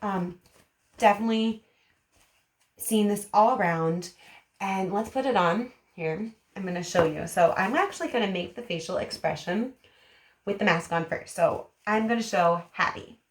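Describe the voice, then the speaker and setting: A woman speech therapist explaining to parents in an animated, demonstrative way, acting out emotions as she teaches. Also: medium pitch, moderate pace. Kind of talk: parent education vlog. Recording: roomy echo.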